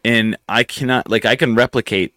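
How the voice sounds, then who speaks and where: A man hosting a casual chat show, telling stories in an animated, filler-heavy way. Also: medium pitch, moderate pace, dry recording, clean studio sound. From near West Texas. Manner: animated storyteller, many fillers. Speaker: host.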